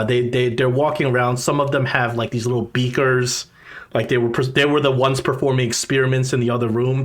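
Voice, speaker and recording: Guy game mastering, rambly, lots of ums, average pitch. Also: fairly bright tone. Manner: loose and rambling, lots of fillers. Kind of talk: narrating a tabletop game.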